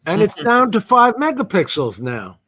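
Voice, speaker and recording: A man's voice: high voice, wildly swooping pitch, moderate pace, sharp tone, slightly rough. A man on a video call panel, showing his screen and cracking blunt, dry jokes. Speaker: panel guest. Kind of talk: casual panel chat.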